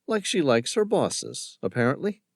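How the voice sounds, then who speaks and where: A male narrator voicing a cocky young lawyer with a Southern accent, smooth-talking and smug. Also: fairly high pitch, big pitch swings, normal speed, dry recording, clean studio sound, voice pushed up. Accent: American Southern.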